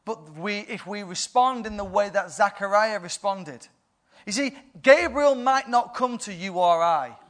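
Guy preaching a sermon, highish voice, jokey and laughing a lot. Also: animated, a little slow. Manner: playful, laughs often, builds to loud bursts.

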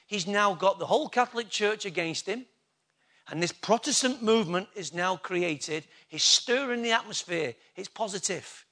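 A man's voice: sits high, normal speed, sharp tone. A man preaching a sermon, emphatic and full of rhetorical questions to the congregation.

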